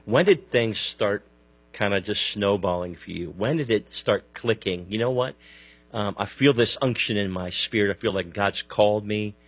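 A man's voice: on the low side, normal speed, no room sound. A man interviewing a guest, asking loose, searching questions in a conversational way.

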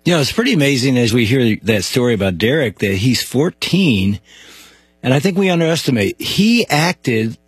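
Husky-voiced male radio host. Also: medium pitch, animated, moderate pace, no room sound, clean studio sound. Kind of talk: host conversation and sponsor appeal.

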